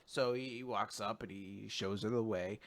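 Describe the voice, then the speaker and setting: A man hosting a podcast, retelling a manga chapter in an animated, casual way. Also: on the low side, moderate pace. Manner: animated retelling, acts out quotes, laughs a lot. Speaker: podcast host. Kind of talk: casual manga recap chat.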